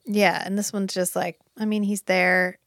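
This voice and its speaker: An opinionated woman in a relaxed conversation, talking with lively, animated emphasis and the odd casual swear. Her voice sits at an ordinary middle pitch. The sound is close and dry, with no room around it. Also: normal speed, no echo. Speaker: podcast co-host. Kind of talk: casual chat.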